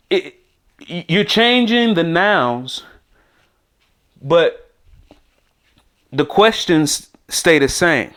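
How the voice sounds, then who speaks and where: A man's voice: fairly high pitch, very animated, extremely slow, long pauses, fairly bright tone. A man teaching beginner Spanish words on a podcast, thinking aloud and repeating words for listeners to echo. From United States. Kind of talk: casual spoken lesson.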